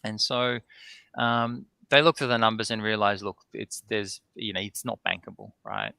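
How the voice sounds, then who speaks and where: Gravelly, forceful man telling a story. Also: on the low side, moderate pace, no echo. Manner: animated anecdote-telling, tags sentences with "right?"; acts out both sides of remembered conversations. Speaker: distillery owner, podcast guest. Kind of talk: casual storytelling in a podcast interview.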